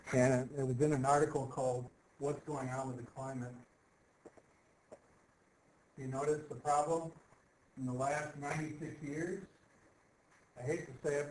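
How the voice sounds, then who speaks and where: A man's voice: mid-range voice, slight background noise. A man giving a casual classroom lecture, walking through slides with sarcastic asides and asking his listeners if they follow. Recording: echoey room.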